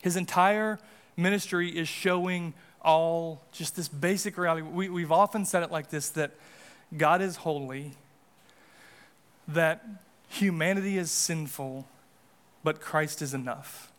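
A man's voice: on the high side, unhurried, a bit bright, smooth. A man pastor giving a casual, conversational sermon in a church, with frequent restarts and asides. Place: church sanctuary.

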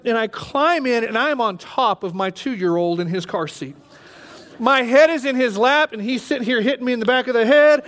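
A man in his thirties preaches to a congregation, his voice sitting high for a man. He tells his story in an animated way, acting out his own panic as he goes. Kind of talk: sermon storytelling.

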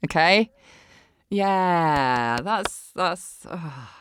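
A woman with a slightly husky voice, chatting casually and sardonically while playing a game, full of swearing and quick jokes. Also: on the low side, big pitch swings, a little hiss or hum. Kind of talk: casual gaming chat.

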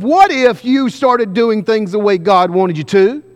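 A man preaching a sermon, pressing the congregation with repeated questions and slowing down for emphasis. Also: high voice, expressive. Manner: emphatic, questioning the congregation, varying pace widely. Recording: long hall reverb.

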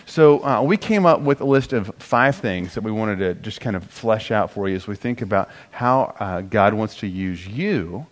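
A middle-aged man with a lowish voice, teaching couples about marriage. He talks casually and jokes at his own expense. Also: normal speed, hardly any pauses. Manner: self-deprecating, joking, animated when quoting himself. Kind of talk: conversational teaching talk.

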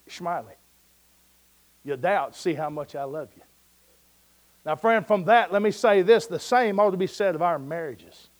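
A male preacher with a fairly high voice delivers a sermon as a story. He talks in a folksy, conversational way and sinks to a near hush at the tender moments. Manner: storytelling, dropping to a soft hush at moving points.

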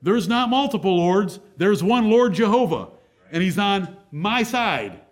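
A man's voice: high-pitched, big pitch swings, measured pace. A male pastor preaching a sermon, driving points home with rhetorical questions.

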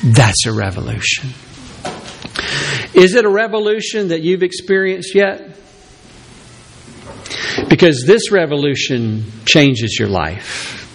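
Animated, slow-preaching male pastor. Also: vocal fry, a little hiss or hum. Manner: animated preaching, acts out Peter's reluctant excuses in a high voice. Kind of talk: sermon.

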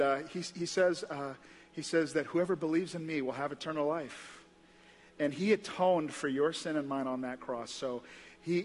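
A man with an American accent preaching a sermon as pastor, telling the story in a casual, conversational way. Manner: conversational storytelling, acts out voices with big pitch jumps. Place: large church hall. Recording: long hall reverb.

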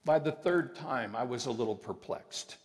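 A man preaching a sermon, emphatic and sometimes slowing his phrases for weight. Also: medium pitch. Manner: emphatic, with deliberate slowed phrases. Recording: long reverb of a large hall.

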